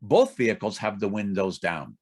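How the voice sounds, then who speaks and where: A man telling a joke at a speaking club, narrating with lively delivery and small restarts. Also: on the low side, moderate pace, slightly rough. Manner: animated storytelling with small restarts.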